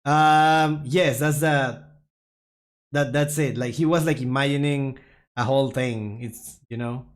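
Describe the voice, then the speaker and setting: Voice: mid-range voice, fairly even intonation, unhurried. A streamer casually reacting to memes and talking to chat, laughing often and poking fun at themselves. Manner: laughs often, chatty, self-mocking.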